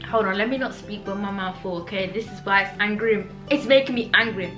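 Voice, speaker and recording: A young woman chatting casually in a reading vlog, outspoken and animated as she reacts. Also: mid-range voice, fairly quick, few pauses. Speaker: book vlogger. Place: home room. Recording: roomy echo, faint background music.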